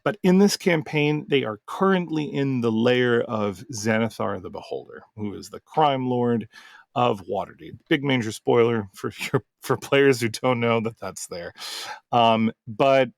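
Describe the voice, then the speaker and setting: Male game master and podcast host, gravelly, dry close sound, rambling casual storytelling. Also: mid-range voice, measured pace, no echo. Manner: rambling, full of fillers and restarts.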